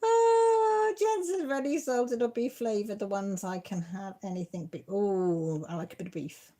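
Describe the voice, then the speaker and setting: A middle-aged woman chats on a home live stream, laughing easily and poking fun at herself. Her voice sits at an ordinary pitch for a woman, and she talks the way she would to friends. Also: normal speed, dark tone. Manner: giggly, self-deprecating, chatty. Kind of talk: casual live chat reading viewer comments.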